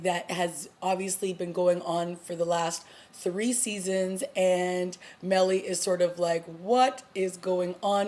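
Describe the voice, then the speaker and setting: Chatty woman recapping a TV episode. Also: fairly low pitch. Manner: chatty, animated retelling with acted-out quotes. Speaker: TV review vlogger. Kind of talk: casual recap review.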